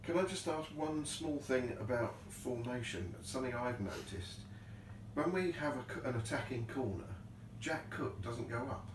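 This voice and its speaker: A man's voice: medium pitch, animated, moderate pace, roomy sound, recorded from a distance, background noise. A man interviewing a football manager for the club, putting brief, polite questions.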